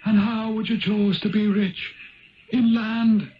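A solemn, ancient Viking spirit turned Irish speaks in a strikingly high voice with an Irish accent, laying out his riddles slowly and gravely. This is a 1970s radio play heard through a dull, lo-fi broadcast. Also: level tone, slight background noise. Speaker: Old Man of the Rock. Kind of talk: 1970s radio drama acting.

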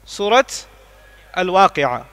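A probably middle-aged Islamic lecturer from the United States gives an animated religious talk to a live audience in a large lecture hall, asking it questions and quickly reciting Arabic verses. His voice sits high and smooth, with long hall reverb.

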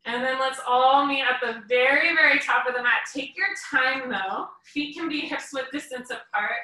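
A woman yoga teacher guiding a class through poses with calm, short breath cues, a little out of breath as she moves along. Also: sits high, normal speed, recorded from a distance. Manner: calm step-by-step cueing in short phrases. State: slightly out of breath. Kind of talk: guided yoga class instruction. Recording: echoey room, voice from away from the mic.

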